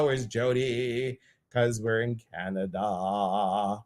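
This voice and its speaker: Casting: male live-stream host, gushing, rambly, lots of ums, mid-pitched. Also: animated, a little slow. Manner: effusive, rambling, frequent fillers. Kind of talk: casual live-stream chat.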